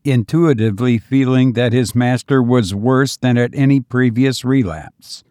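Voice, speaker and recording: A man reading a story aloud in measured, solemn scripted narration. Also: medium pitch, mellow, no room sound, studio quality. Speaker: audiobook narrator.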